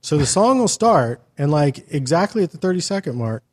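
Profane, animated man telling a story. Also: a little high, fairly quick. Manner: profane, animated, exasperated retelling. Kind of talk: casual podcast storytelling.

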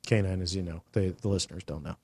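A middle-aged man with a lowish voice, hosting a casual podcast chat. He rambles through a story with plenty of "uh" and "um" and swears offhandedly. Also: fairly even intonation, fast talker, darkish tone, husky. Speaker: podcast host.

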